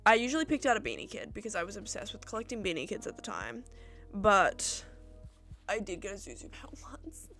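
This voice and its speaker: A woman's voice: mid-range voice, expressive, brisk, a bit bright, faint music behind. A young Australian woman chatting casually on a livestream, answering viewer questions in a rambling way and acting out little exchanges with her friends.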